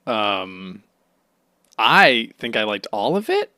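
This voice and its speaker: A man co-hosting a casual podcast chat, excitable and laughing often, with frequent restarts. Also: lowish voice, slow, no room sound, clean studio sound. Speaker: podcast co-host.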